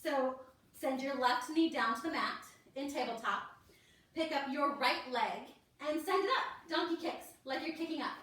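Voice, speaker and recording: A woman's voice: high voice, moderate pace, a bit bright, far from the mic. A woman teaching a kids yoga class, encouraging and talking the children through each pose step by step. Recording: echoey room, voice from off the mic.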